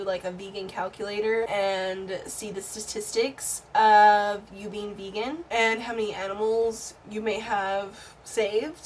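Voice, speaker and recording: A young woman talks straight to her camera in a loose, chatty vlog style, frank and quick to laugh. Her voice sits a little high, and she drops the odd swear word without fuss. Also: a little hiss or hum. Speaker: vlogger. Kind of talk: casual chat to camera.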